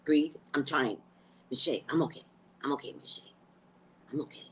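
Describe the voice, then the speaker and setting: A woman's voice: low voice, brisk, a little hiss or hum, low-quality recording. A woman psychic hosting a live news chat, blunt and emotional, swearing freely. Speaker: psychic host.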